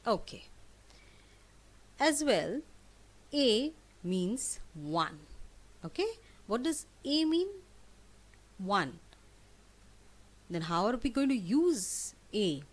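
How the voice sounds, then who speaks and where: A woman's voice: mid-range voice, sing-song, extremely slow, long pauses. A woman teacher giving a lesson, asking questions and answering them herself, spelling words out and repeating key words. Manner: asks questions and answers them herself, emphatic rising prompts. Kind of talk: classroom lesson for children.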